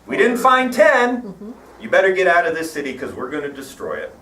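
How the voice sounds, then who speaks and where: Stern angels hammer home a warning, loud and insistent, as a preacher puts them on. The lines ring out in a reverberant hall. The mic is set well back. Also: male voice, high voice, very animated, moderate pace, slight background noise. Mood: urgent. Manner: insistent, repeating commands. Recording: echoey hall, mic at a distance.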